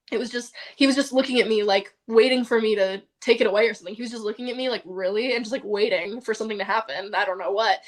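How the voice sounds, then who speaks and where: A woman guest on a podcast, telling a personal story in an animated way, with lots of "like" and frequent laughter. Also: a little high. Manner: animated, heavy use of "like", laughs often.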